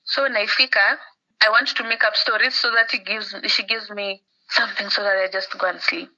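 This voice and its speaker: A woman's voice: medium pitch, fairly even intonation, brisk, sharp tone. A woman with a Kenyan accent, a podcast guest telling a story in casual chat over a phone call. She acts out the people she quotes and drops Swahili words into her talk. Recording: muffled phone-call audio.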